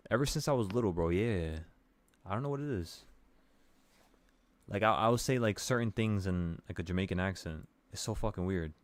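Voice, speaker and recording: Low-voiced man talking through trading charts. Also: normal speed, no room sound. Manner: relaxed, swearing, talks to viewers with "bro". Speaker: trading stream host. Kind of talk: casual chart walkthrough.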